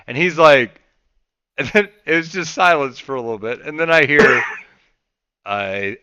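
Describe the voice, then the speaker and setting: Male podcast host, animated storyteller, smooth clear tone, dry close sound. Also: mid-range voice, measured pace, pauses often, dry recording. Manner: animated, swears freely, voices his past rants loudly.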